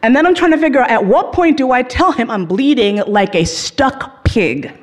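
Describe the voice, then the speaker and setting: A woman telling a comic story, swearing freely and laughing as she goes, with lively swings in her voice. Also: sits high, moderate pace. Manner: profane, laughing through the telling.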